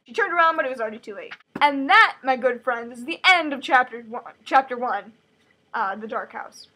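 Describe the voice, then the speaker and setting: A woman's voice: high-pitched, expressive, fairly quick, pushed and bright, a little hiss or hum, rough recording. A woman casually summarizing a novel chapter, chatty and full of "like" fillers. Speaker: host reading a novel aloud. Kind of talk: casual book summary with asides.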